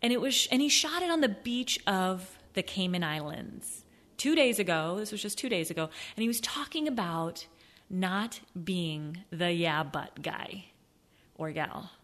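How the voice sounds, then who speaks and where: Animated woman giving a motivational talk. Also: a little slow. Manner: animated, acts out excuses in a high mocking voice, drops to a soft near-whisper. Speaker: podcast host, sales coach. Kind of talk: motivational solo podcast talk.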